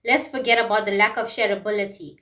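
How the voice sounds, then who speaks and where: A woman's voice: medium pitch, fairly even intonation, fast, a bit bright. A woman vlogger talking through a music review, emphatic and full of rhetorical questions and repeated phrases. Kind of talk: passionate music commentary monologue.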